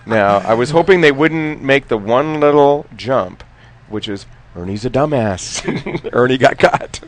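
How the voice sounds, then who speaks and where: A man telling courtroom stories in a casual chat, laughing often and trailing off into quieter asides. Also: medium pitch, animated, a little slow, a little hiss or hum. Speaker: former defense lawyer telling stories.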